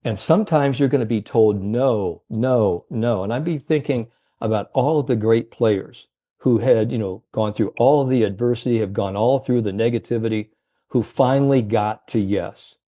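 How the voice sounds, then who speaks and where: A man's voice: mid-range voice, normal speed, mellow. A man telling a motivational story as a guest coach, earnest and rallying, with many fillers. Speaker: confidence and mindset coach, guest.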